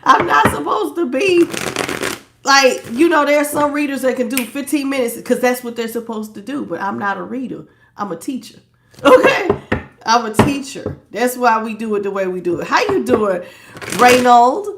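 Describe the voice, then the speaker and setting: A woman's voice: on the high side, animated, fairly quick, noisy background. A woman hosting a tarot live stream in casual chat, playful and laughing often, greeting viewers by name and calling them baby. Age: adult, past young. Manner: calls listeners "baby" and "child".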